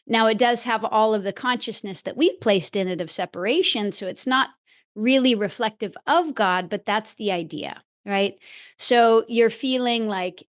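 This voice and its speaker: A woman speaking as a podcast guest in an interview, earnest and expressive, stretching key words as she talks about her teaching. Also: fairly high pitch, moderate pace. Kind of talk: reflective interview talk.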